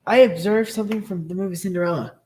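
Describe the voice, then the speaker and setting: High-voiced joking man on a stream. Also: fast, a little mellow. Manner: joking, laughs at his own jokes. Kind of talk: casual livestream chat.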